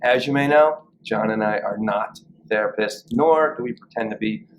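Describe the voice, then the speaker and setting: A man's voice: lowish voice, moderate pace. A man co-hosting a podcast in casual chat, joking loosely and swearing playfully. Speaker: podcast co-host. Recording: noisy background ambience.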